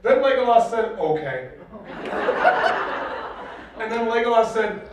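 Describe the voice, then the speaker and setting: A man's voice: extremely high pitch, very animated, a little slow, pauses often, background noise. A man co-hosting a comedy panel, reading bad fanfiction aloud with sarcastic asides and hammy voices. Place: convention panel room with audience. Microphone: distant mic in a hall. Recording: echoey hall, far from mic, crowd audible.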